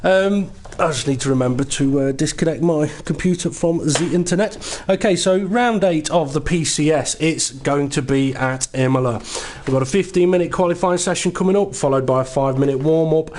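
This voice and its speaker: A man hosting and commentating a sim racing broadcast, setting the scene in an unhurried, explanatory way. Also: fairly high pitch, a little mellow, a little hiss or hum. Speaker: lead commentator.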